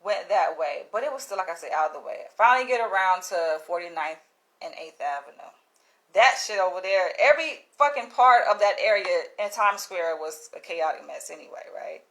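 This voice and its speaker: A woman vlogging, telling a story in a casual, animated way, swearing freely, laughing and acting out what others said. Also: medium pitch, normal speed. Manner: animated, profane, laughs often, acts out quotes.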